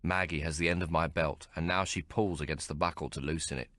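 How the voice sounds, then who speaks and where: Deep, bright-toned male audiobook narrator. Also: steady tone, fast, dry recording, studio quality. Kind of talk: scripted first-person audiobook narration.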